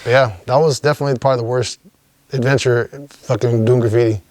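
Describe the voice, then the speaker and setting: A young man from Los Angeles, a graffiti writer, telling a story in an interview in a rambling, profane, animated way. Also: mid-range voice, quick pace, dry recording.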